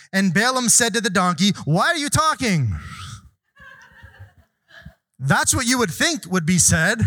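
Man preaching, voice on the high side. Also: a bit bright. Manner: reads verses aloud, then explains with asides and questions to the congregation. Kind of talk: sermon with scripture reading.

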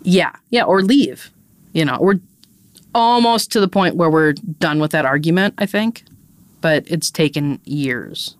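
A woman's voice: low-pitched, expressive, measured pace, no room sound. A woman co-hosting a podcast in casual, chatty conversation with a friend, laughing easily and poking fun at herself. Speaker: podcast co-host. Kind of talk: casual chat.

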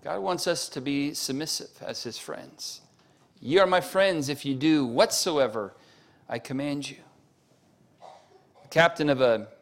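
A man's voice: a little high, a bit bright. A man preaching a sermon as pastor, telling stories to the congregation and building to emphatic peaks. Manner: preaching with rising emphatic peaks and story asides; addresses congregation with show-of-hands questions.

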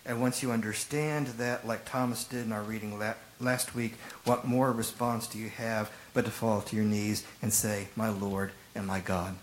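Guy preaching in church, animated storytelling, middle pitch. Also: moderate pace, hardly any pauses, slight background noise, low-quality recording. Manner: animated storytelling, acting out rhetorical quotes. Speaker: pastor. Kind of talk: sermon.

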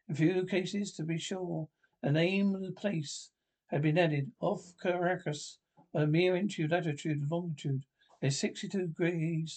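A man reading a classic adventure novel aloud, in a halting way with restarts and slips. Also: on the high side, a little mellow. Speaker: audiobook reader.

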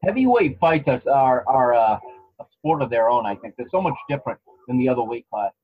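Husky man doing casual fight commentary. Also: mid-range voice, a little fast, phone-quality sound. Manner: relaxed play-by-play with frequent restarts and chuckles. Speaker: podcast co-host commentating a fight. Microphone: home microphone.

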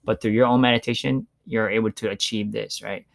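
A man's voice: fairly low pitch, fairly even intonation, brisk, gravelly. A man talking casually and reflectively, loose with filler words and the odd swear. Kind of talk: casual chat.

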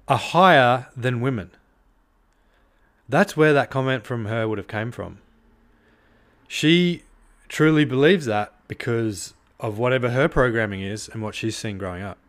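A male podcast host speaking alone to his listeners, worked up and blunt. He swears freely and fills his pauses with "um" and "you know." His voice sits at an ordinary middle pitch. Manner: heated, swears often, many fillers. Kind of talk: solo podcast monologue.

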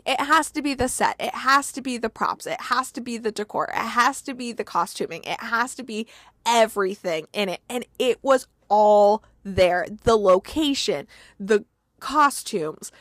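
A woman hosting a podcast, excitedly retelling movie scenes in a casual, gushing chat full of "like" and laughter. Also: a little high, moderate pace, no echo, clean studio sound. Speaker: podcast host recapping movies.

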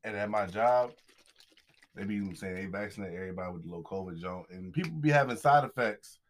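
A man's voice: lowish voice, a little fast, a little hiss or hum. A young man hosting a podcast in loose casual chat, joking and telling stories. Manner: loose, joking, drags out words when reading a plug. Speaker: podcast host.

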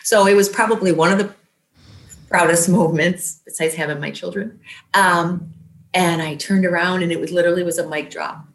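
Woman, fifties, fairly low voice, earnest halting storytelling, echoey room. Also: fairly even intonation. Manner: earnest, halting, many fillers, voice rising when quoting herself. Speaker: guest telling her story. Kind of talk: emotional personal storytelling.

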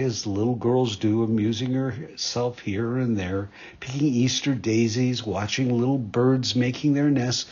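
A man narrating a fairytale in a measured, expressive storytelling manner. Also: mid-range voice, breathy edge, highs cut off.

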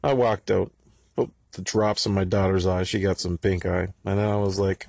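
A middle-aged man with a husky voice, ranting angrily and sarcastically with plenty of profanity in a podcast monologue. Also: lowish voice, steady tone, normal speed, darkish tone, no echo.

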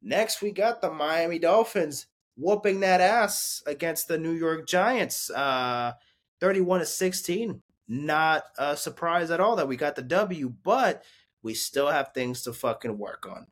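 A man hosting a casual sports recap, rambling and cursing as he reacts excitedly to games. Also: a little high, measured pace. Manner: excitable, profane, rambling fan talk. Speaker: sports podcast host.

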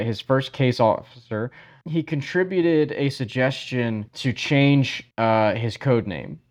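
A man co-hosting a podcast, casually telling a history story with many fillers and frequent yeahs. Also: medium pitch.

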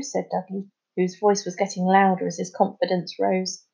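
A woman reading a children's book aloud as a teacher, with clear, expressive storytelling. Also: lowish voice, normal speed. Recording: slightly muffled recording.

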